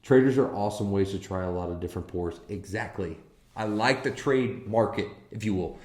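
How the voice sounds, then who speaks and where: A man's voice: lowish voice, brisk, a little mellow, echoey room. A man hosting a casual whiskey live stream, enthusiastic and swearing freely as he talks to viewers in chat. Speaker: whiskey livestream host.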